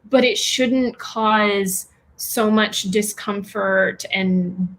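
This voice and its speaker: Slow-talking woman guest, halting. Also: medium pitch, fairly even intonation. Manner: hesitant, many fillers and restarts, laughs between phrases. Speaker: guest, women's health practitioner. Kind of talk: casual interview talk.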